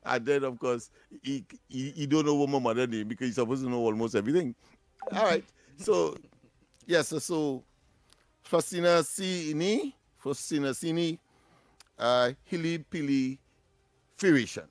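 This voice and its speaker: A man's voice: mid-range voice, normal speed, no echo. A man with a Trinidadian accent co-hosting a casual radio talk show, playful and laughing often, repeating himself as he talks.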